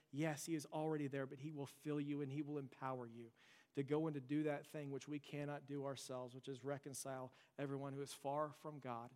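A man's voice: medium pitch, darkish tone. A young adult man preaching a sermon as pastor, earnest and conversational, mixing storytelling asides into his message. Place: church sanctuary. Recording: long church hall reverb.

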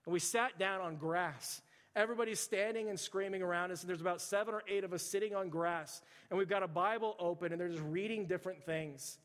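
A man's voice: sits high, a little fast, a bit bright. A man, preaching a sermon in a chatty storytelling way, with lots of restarts. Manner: conversational storytelling with frequent restarts and "like". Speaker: pastor. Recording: reverberant church hall.

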